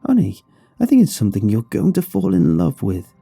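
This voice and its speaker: A frail old spa lady with a shaky, sweet voice, pitched well up from the storyteller's own, as a man puts her on in a horror story reading. She dotes on the listener. The voice is dark and husky. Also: wildly swooping pitch, a little fast, no echo, soft background music, heavily acted. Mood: sweet, doting. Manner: sweet, doting, calls listener honey.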